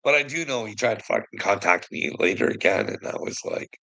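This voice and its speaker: Man from Canada, gravelly bright voice, lively pitch, rambling confessional vlog monologue full of swearing. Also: a little fast, poor audio. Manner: rambling, heavy swearing, frequent "you know what I mean"; trails off quietly at phrase ends. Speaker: vlogger. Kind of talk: casual monologue to camera.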